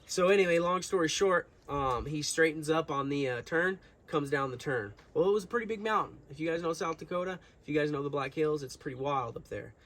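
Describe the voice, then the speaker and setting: A man's voice: a little high, brisk, few pauses, a bit bright. A young man telling a long story to his viewers in a casual, rambling way, full of fillers and restarts. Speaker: vlogger.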